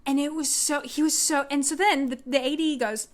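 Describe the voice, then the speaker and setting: A woman co-hosting a podcast, telling stories in a casual, animated way with lots of fillers. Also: high voice, a little fast. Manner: animated, expressive storytelling with lots of "like". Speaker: podcast co-host. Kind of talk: casual chat.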